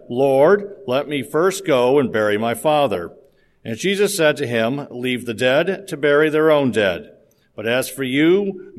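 A man reading a Gospel passage aloud in a formal, measured liturgical style. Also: on the high side. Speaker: scripture reader.

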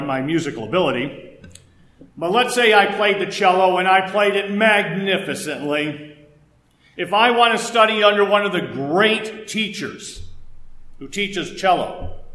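A man's voice: high voice, fairly bright tone, echoey room, low-quality recording. A male pastor preaching a sermon in a conversational way, with folksy asides and stories.

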